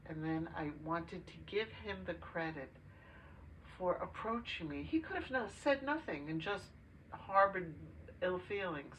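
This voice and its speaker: An older woman co-hosting a podcast, telling a family story in casual chat with pauses and filler words. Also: lowish voice, lively intonation, fairly bright tone. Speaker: podcast co-host. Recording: distant mic with faint noise.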